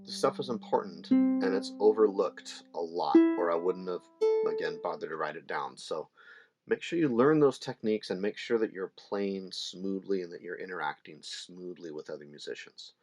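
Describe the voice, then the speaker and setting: A middle-aged man teaching ukulele in a relaxed, chatty way, with fillers and small laughs. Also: low-pitched, normal speed, faint music behind. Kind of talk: casual instructional talk. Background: ukulele playing between phrases.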